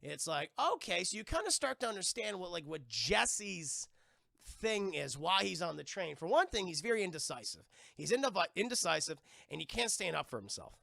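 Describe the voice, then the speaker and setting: High, gravelly rambling cartoon reviewer. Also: male voice, sing-song, normal speed, bright, forceful tone, no room sound, studio quality. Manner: rambling, full of "like" and "you know", swears. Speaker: cartoon reviewer streaming to chat. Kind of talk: casual scene-by-scene recap.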